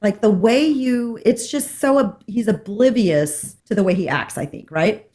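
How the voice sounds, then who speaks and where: A woman of middle pitch co-hosts a podcast and tells a story in a casual chat. She is animated and acts out the other people's lines as she goes. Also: a little slow. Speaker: podcast co-host.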